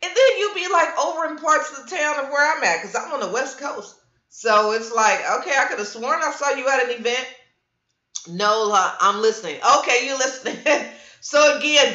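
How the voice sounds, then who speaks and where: A woman's voice: a little high, moderate pace. A middle-aged woman hosting a casual livestream, telling stories with lots of voices and answering viewer comments. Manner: animated storyteller, reads viewer comments aloud. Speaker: livestream host. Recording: roomy, dull lo-fi stream audio.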